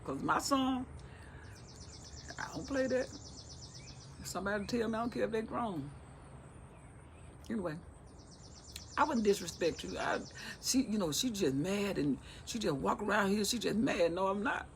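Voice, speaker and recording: Gravelly middle-aged lady going through a bible chapter, folksy and chatty, puts it in her own words. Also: mid-range voice, expressive, normal speed, long pauses, slight background noise. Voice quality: talkative, folksy, retells scripture in everyday speech. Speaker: Bible teacher. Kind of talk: casual Bible reading and commentary.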